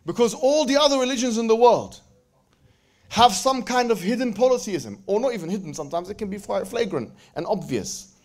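A man giving a lively religious lecture to a live audience, joking and bantering with the crowd and quoting verses in quick Arabic recitation. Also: sits high. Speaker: speaker at a religious event.

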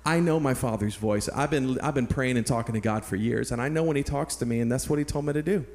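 A pastor from San Antonio, Texas, telling a personal story in a sermon with earnest, animated delivery. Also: male voice, mid-range voice, quick pace.

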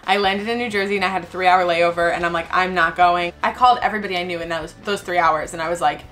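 A woman in her twenties telling a travel story in a casual, chatty way, acting out the voices of the people in it, with soft music behind her. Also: lowish voice, fast. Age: 20s. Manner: chatty, animated, acts out quoted voices, frequent "like". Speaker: travel vlogger.

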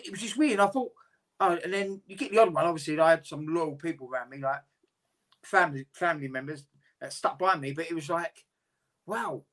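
A man's voice: fairly high pitch, a bit bright. A man, a boxer talking candidly and at length in a casual interview, swearing freely.

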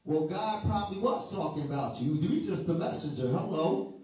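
A man's voice: fairly high pitch, animated, moderate pace, darkish tone. A man preaching a sermon with fervour, moving between sing-song chanting and joking asides to the congregation. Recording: echoey room from far off with music. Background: music.

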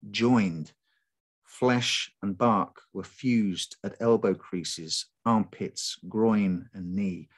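A man reading his own folk horror story aloud to a live audience, with measured, unhurried narration. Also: lowish voice.

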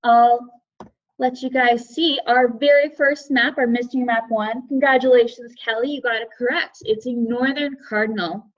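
High-pitched woman running a webinar, friendly, reads out chat guesses, kinda muffled lo-fi audio. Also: fairly even intonation, normal speed. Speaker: webinar presenter for educators. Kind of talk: live online teaching webinar.

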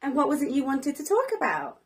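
A woman's voice: sits high, huge pitch swings, fairly quick. A woman hosting a children's learning video as a preschool teacher, talking in a sing-song way with dramatic gasps and plenty of praise.

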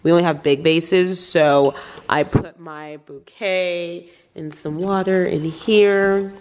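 A woman's voice: fairly low pitch, steady tone, slow pace, darkish tone, slight background noise. A young woman chatting in a gushing, chatty way at home, full of "like" and laughter. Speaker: vlogger, bride. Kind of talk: casual chat.

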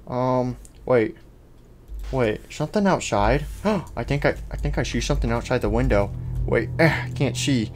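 A man's voice: medium pitch, expressive, measured pace, faint music behind. A man playing a game roleplay in character, muttering to himself and breaking into panicky outbursts. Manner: jumpy, panicky outbursts between nervous mumbling. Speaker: roleplay video host.

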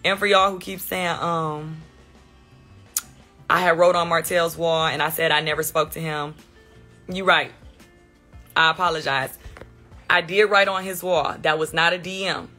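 A woman's voice: low voice, fairly even intonation, a little slow, pauses often, sharp tone, soft background music. A woman hosting a casual commentary chat, talking in a chatty, sarcastic way. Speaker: host.

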